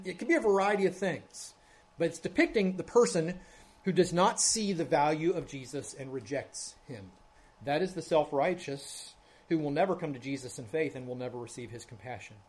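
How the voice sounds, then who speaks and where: A male pastor preaching an expository sermon. He is earnest, drops to hushed tones, then swells to loud emphasis, and often checks in with the congregation. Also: a little high. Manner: earnest, swings from hushed to loud emphasis, keeps asking "right?".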